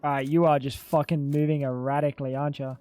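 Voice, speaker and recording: A man's voice: fairly high pitch, little pitch movement, quick pace, dark tone, a little hiss or hum. A man live-streaming a video game in casual, chatty commentary, swearing freely and calling everyone "dude". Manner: chatty, swears a lot, keeps saying "dude". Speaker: gaming streamer.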